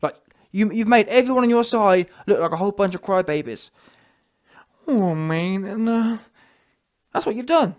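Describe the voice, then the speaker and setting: A man rants in a mocking tone and keeps checking in with his audience for agreement. His voice sits high for a man. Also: expressive, normal speed, pauses often. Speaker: vlogger. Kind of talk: ranting monologue to camera.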